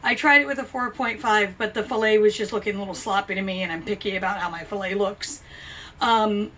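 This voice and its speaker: A woman's voice: mid-range voice, steady tone, fairly quick, a bit bright, far from the mic. Chatty woman crochet vlogger, a bit off-mic. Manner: chatty, self-deprecating, rambling asides. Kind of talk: casual chat.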